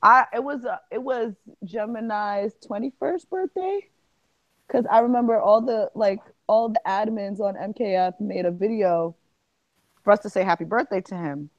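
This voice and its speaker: A woman in her twenties with a New York accent, chatting casually and telling stories with lively retold quotes. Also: mid-range voice, normal speed, no echo, lo-fi sound. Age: 20s. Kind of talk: casual chat.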